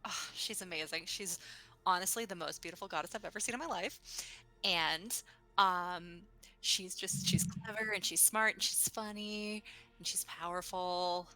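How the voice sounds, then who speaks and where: A woman's voice: lowish voice, moderate pace, bright, forceful tone. A woman playing her character in a tabletop game, playful and gushing. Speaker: player.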